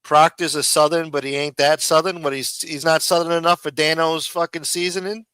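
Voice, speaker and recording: Blunt, profane New ranter. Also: male voice, on the high side, flat delivery, fairly quick, pushed and bright, clean tone, no room sound. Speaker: livestream host. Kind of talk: profane ranting commentary.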